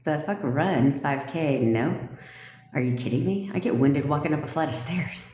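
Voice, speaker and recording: A woman's voice: deep voice, animated, moderate pace, dark tone, slight background noise. A woman manifestation coach on a live stream, talking in a sassy, profane, emphatic way. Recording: echoey room with long reverb.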